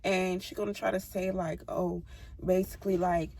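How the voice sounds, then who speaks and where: A woman's voice: fairly low pitch, flat delivery, normal speed, darkish tone, breathy edge. A young woman vlogger telling a personal story in a blunt, heated, profane way. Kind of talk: casual storytime.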